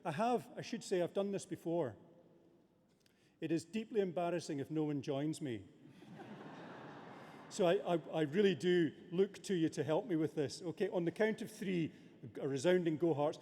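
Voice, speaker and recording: A man's voice: on the high side, normal speed, dark tone. A man presiding over a graduation ceremony, giving a formal, good-humoured address with many hesitations, speaking into a lectern microphone in a large abbey. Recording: long reverb of a large abbey.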